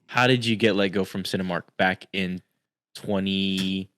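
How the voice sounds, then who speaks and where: A man's voice: deep voice, steady tone, unhurried, fairly bright tone, smooth. A man in his thirties from Texas, a podcast co-host who teases and laughs easily in casual chat.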